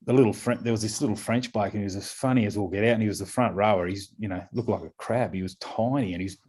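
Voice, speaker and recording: A middle-aged man with an Australian accent talks in a casual podcast interview. His voice sits fairly low. He rambles and circles back, with plenty of fillers and repeated words. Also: fast talker, darkish tone, husky. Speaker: guest, scrum coach.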